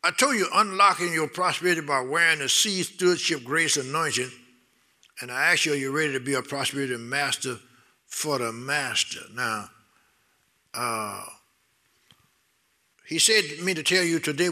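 A middle-aged man preaching a sermon, excitable, repeating words and building to loud bursts with laughter. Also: fairly high pitch, normal speed.

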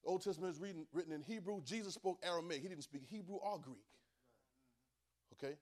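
A man's voice: high-pitched, quick pace. A man preaching a Bible class sermon, emphatic, repeating phrases and calling on listeners to answer back.

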